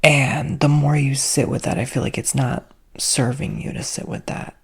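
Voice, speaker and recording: A flamboyant man gives a sassy, whispered ASMR spiritual talk, dropping casual swears. His voice is heavily gravelly with a husky, breathy edge, and he drifts between soft whisper and low, airy speech. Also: fairly even intonation, moderate pace. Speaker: ASMR host and spiritual reader.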